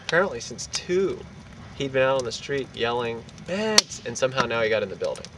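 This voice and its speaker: A man of middle pitch tells a wild anecdote with swagger and plenty of swearing, jumping into the voices of the people in it. He sits well back from the mic, out on a city street with loud traffic rolling past. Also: fast, far from the mic. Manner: animated, profane, acts out quotes. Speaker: storyteller. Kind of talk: casual anecdote.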